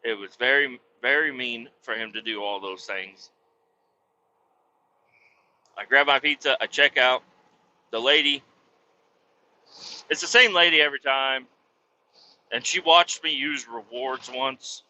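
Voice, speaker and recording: Sharp-voiced man ranting profanely. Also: medium pitch, a little slow, pauses often, lo-fi sound, slight background noise. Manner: exasperated ranting, heavy swearing, frequent restarts. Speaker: podcast host. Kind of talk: profane comic storytelling.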